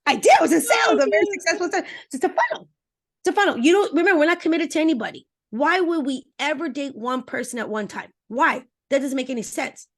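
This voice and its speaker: A woman dating coach talking as a podcast interview guest, energetic and emphatic, speaking straight to her listeners and acting out little voices. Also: quick pace. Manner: acts out voices with expressive pitch swings.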